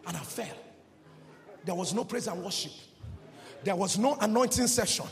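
This preacher's high, creaky voice is animated, runs at normal speed, and pauses often. Holding a mic in a church hall, he gives a charismatic sermon whose sing-song cadence breaks into shouting, leading the congregation in call-and-response. Music plays behind him under long hall reverb.

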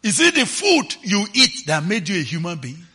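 Animated preacher man, bright husky voice. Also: sits high, moderate pace. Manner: animated, swings from quiet to shouting, asks listeners questions. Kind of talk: sermon.

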